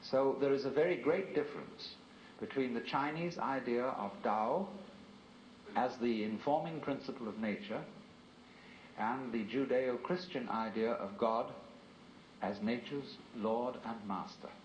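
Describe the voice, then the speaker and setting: A man giving a philosophical lecture in a measured, reflective and rhetorical way. The recording is an archival lecture tape. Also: medium pitch, reverberant, dull audio, a little hiss or hum.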